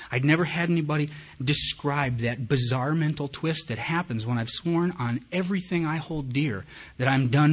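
A man with a husky voice shares his recovery story before a meeting crowd. He is candid and self-mocking, and he acts out his own inner thoughts as he tells it. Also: medium pitch. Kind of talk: personal recovery testimony told as a story.

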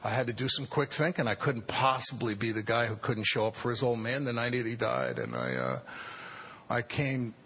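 A man in his fifties telling his recovery story, wry and self-deprecating, sometimes halting. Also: medium pitch, expressive, pushed and bright, breathy edge. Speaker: speaker sharing a recovery story. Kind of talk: personal storytelling talk.

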